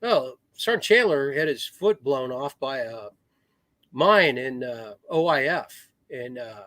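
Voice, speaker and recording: A man's voice: mid-range voice, animated, slow, fairly bright tone, dry recording. A middle-aged man, a retired Marine officer, telling rambling war stories in a casual podcast chat. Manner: rambling war stories with restarts, acts out quoted voices. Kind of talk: casual storytelling.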